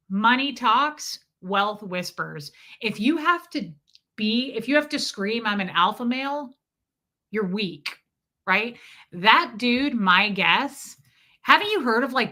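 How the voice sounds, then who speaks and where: A woman's voice: on the high side, pushed and bright. A woman from the US Midwest hosting a casual live stream, chatting sarcastically with viewers. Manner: sarcastic, ranting, throws in mocking impressions.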